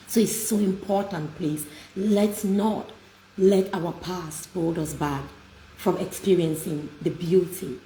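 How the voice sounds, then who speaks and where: A woman hosting an inspirational talk, telling stories in an emphatic, heartfelt way. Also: lowish voice. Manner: warm, emphatic storytelling. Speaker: host. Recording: echoey room with light noise.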